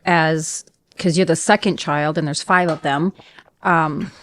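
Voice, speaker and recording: A middle-aged woman hosting a candid podcast conversation with her daughter, gentle and supportive, casual with fillers. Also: low voice, fairly even intonation, measured pace, slight background noise. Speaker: podcast host, mother.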